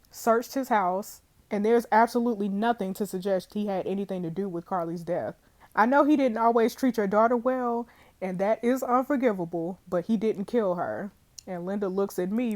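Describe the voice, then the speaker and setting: A young woman reading a detective game's dialogue aloud, voicing all the characters in her own voice and adding quick asides. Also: mid-range voice. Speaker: streamer playing a detective game.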